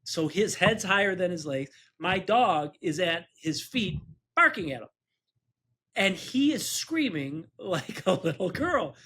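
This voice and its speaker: A man's voice: high-pitched, very animated, measured pace, pushed and bright, slightly rough. A man who is a personal injury attorney co-hosting a podcast, telling an anecdote casually, chuckling through it and acting out the voices of people he quotes.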